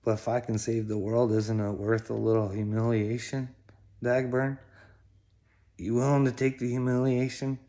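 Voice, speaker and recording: A man's voice: medium pitch, little pitch movement, normal speed, dark tone. A middle-aged man rambling straight to camera, swearing heavily and breaking into laughs between phrases. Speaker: video blogger addressing another creator. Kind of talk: rambling direct-to-camera monologue.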